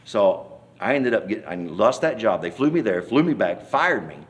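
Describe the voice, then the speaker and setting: A church member gives his testimony in an interview, speaking at a moderate pace in a voice on the low side. He's an animated, folksy storyteller who rambles, restarts often, acts out scenes and hollers the cries he quotes.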